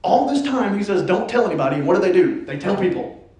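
A man preaching a sermon in a church, playful and animated, dropping suddenly to a hush. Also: high voice, fast talker. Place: church sanctuary. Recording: echoey church hall.

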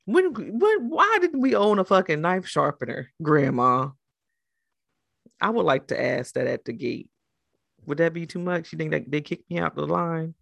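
Profane gravelly South Jersey woman. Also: sits low, moderate pace, no echo. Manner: profane, animated, colorful asides. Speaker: podcast co-host. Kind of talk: casual chat.

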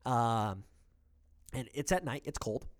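Casual male storyteller, lively and profane, mimics the people in his story. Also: mid-range voice, slow pace. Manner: animated, swearing, acts out quotes of others.

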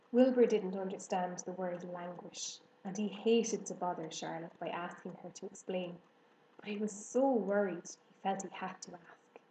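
A woman narrating a children's storybook in an even, measured way. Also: fairly low pitch, roomy sound, slight background noise, poor audio. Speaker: audiobook narrator.

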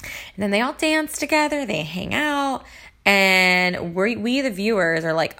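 A woman's voice: mid-range voice, expressive, a little slow, bright, forceful tone. A woman in casual chat, recapping reality TV in a chatty, gossipy, rambling way, full of fillers. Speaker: reality TV commentator.

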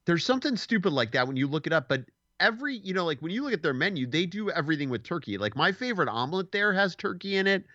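A man's voice: sits high, fast talker, hardly any pauses, no room sound, highs cut off. A man in his forties, a podcast host, telling a story in casual chat and acting out the quotes. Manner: animated storyteller, acts out quotes.

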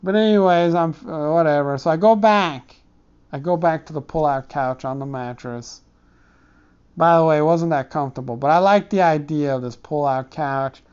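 Man in a dark room doing a loose comic monologue. Smooth voice, rambling and profane, slightly muffled audio. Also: on the high side, moderate pace. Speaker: comedic storyteller.

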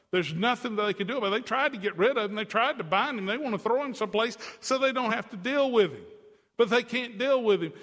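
A man preaching a sermon as a pastor, animated, swinging his pitch and loudness up and down, with asides to the congregation. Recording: long hall reverb.

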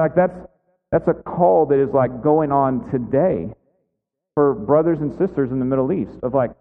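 Man, pastor, casual sermon, fillers, slightly high voice, long church reverb. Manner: conversational, many "like" and "right" fillers. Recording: echoey hall, tinny phone-like sound.

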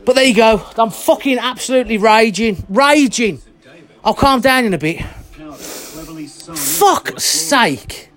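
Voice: medium pitch, lively intonation, normal speed, a bit bright. A vlogger delivering an angry monologue rant, blunt and heated, swearing constantly and sweating. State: worked up and sweating.

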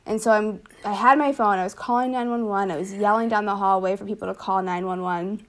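A woman's voice: medium pitch, fairly even intonation, fairly quick. A young woman telling a personal story in casual conversation, chatty and full of fillers, laughing now and then. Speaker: older sister telling her story.

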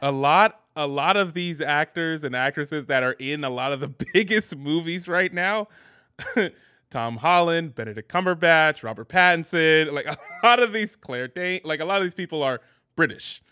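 A man's voice: fairly high pitch, lively intonation, normal speed, bright, forceful tone, clear, resonant tone, dry recording, studio quality. A man co-hosting a podcast, talking casually and laughing between phrases. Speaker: podcast co-host.

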